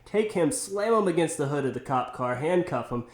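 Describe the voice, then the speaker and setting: A young man guest telling a story in a lively, profane way, his voice sitting a touch high and laughing often. The room around him rings with a roomy echo. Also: normal speed. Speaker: podcast guest. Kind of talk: casual storytelling.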